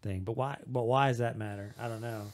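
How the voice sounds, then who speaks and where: A man's voice: mid-range voice, steady tone, fairly quick. A man co-hosting a casual podcast chat, rambling and thinking aloud, often trailing off mid-sentence. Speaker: podcast host. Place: small room, podcast recording.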